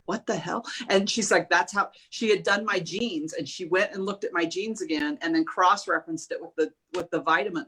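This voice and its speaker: A woman chatting casually, telling personal stories in an animated way and acting out her own and others' lines. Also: on the low side, slightly rough. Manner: animated storyteller, quotes herself and others. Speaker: guest sharing a diet journey. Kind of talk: casual chat.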